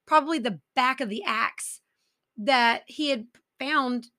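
A woman's voice: high voice, slow pace, bright, forceful tone, no echo, studio quality. A woman, hosting a podcast and telling a true-crime story in a casual, conversational way with personal asides. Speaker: podcast host.

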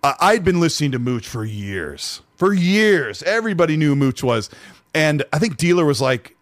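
Man hosting a podcast on a headset, animated and chatty, dry sound. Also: on the high side, moderate pace, no echo. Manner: animated, reads chat comments aloud. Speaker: podcast host. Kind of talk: casual podcast chat.

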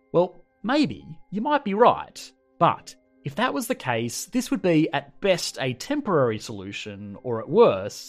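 A man with an Australian accent, hosting a scripted finance explainer in a lively, conversational way. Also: medium pitch. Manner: lively, conversational, emphatic delivery. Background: faint background music.

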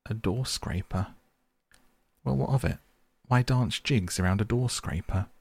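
A man's voice: fairly low pitch, unhurried, vocal fry, darkish tone, breathy edge, no room sound, pitched above the performer's own voice, full character voice. A man voicing a fussy, stubborn male mole who grumbles and complains in a petulant way. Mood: complaining.

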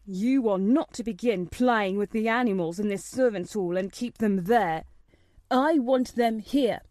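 A woman's voice: a little high, very animated, normal speed, darkish tone, no echo, clean studio sound. Woman doing a commanding spoiled little boy. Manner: commanding, lordly. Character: imperious sickly rich boy.

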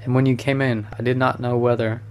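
A man's voice: mid-range voice, flat delivery, fairly quick, close to an everyday voice. A man reading as a teasing, worldly painter. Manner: teasing, breezy. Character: amused worldly male painter, laughing at his friend.

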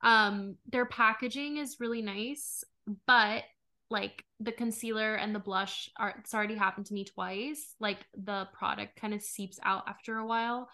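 A woman's voice: mid-range voice, fairly even intonation, moderate pace, bright, forceful tone. A young woman co-hosting a podcast in casual chat, talkative and giggly, full of "like" and "um". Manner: chatty, giggly, fillers like "like" and "um". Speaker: podcast co-host.

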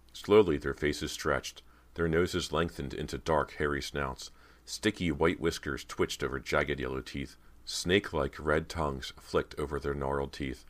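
A man narrating a horror audiobook at a steady storytelling pace. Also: very deep voice.

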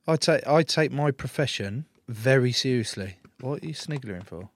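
A man in his thirties with an English accent, a rugby player being interviewed, bantering cheekily and swearing freely, loudly acting out stories. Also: medium pitch, normal speed, no echo, studio quality. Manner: cheeky, swears freely, loud animated re-enactments. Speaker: interview guest, rugby prop. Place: small studio.

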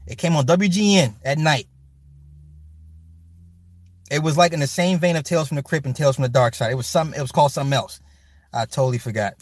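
A man hosting a livestream, chatting casually and reading comments, loose and profane, with loud animated outbursts. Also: fairly high pitch, fast, pauses often, dry recording. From Chicago. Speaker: livestream host reading chat. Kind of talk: casual chat.

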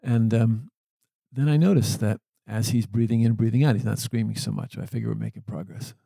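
A man who works with the dying, telling a story in a gentle, earnest way. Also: lowish voice, fairly even intonation, a little fast, vocal fry, breathy edge, no echo. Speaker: end-of-life caregiver. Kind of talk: reflective storytelling.

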